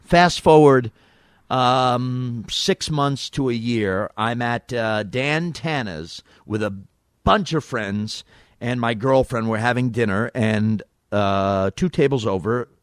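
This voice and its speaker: A man telling a long story on a podcast, animated and acting out the people he quotes. His voice is mid-pitched and recorded dry and close, with no room sound. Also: takes it slowly, clear, resonant tone, no room sound. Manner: animated anecdote teller, acts out quotes. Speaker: radio host and impressionist. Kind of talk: casual storytelling chat.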